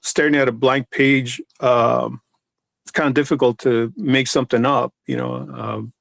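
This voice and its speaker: A comic artist talking in a casual podcast chat, rambling with many restarts and fillers. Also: male voice, medium pitch, flat delivery, unhurried, gravelly, a bit bright, no room sound.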